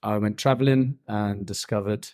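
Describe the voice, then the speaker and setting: A man's voice: on the low side, steady tone, normal speed, a little mellow. A man with a London accent, a podcast guest in his thirties, chatting casually and telling stories in a laid-back way. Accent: London English. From England. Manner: laid-back, chatty storyteller, mild swearing. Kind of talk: casual interview chat.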